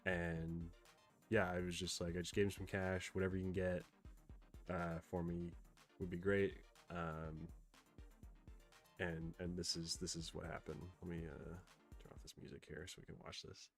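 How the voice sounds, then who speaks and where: Man, very deep voice, frustrated live-stream rant, rambling, faint music behind. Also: flat delivery, normal speed. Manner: frustrated, rambling, many fillers. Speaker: streamer host. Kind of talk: live stream commentary, ranting.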